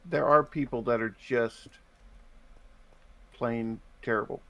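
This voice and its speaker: A man's voice: medium pitch, takes it slowly, pushed and bright, no room sound, highs cut off. A man from the United States co-hosting a live game stream in casual chat, explaining game mechanics at length in a thoughtful way. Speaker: stream co-host.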